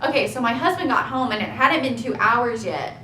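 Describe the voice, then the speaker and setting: A young woman casually telling her labor story to camera, chatty and animated, laughing at herself now and then. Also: brisk. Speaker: vlogger. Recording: echoey room with faint rumble.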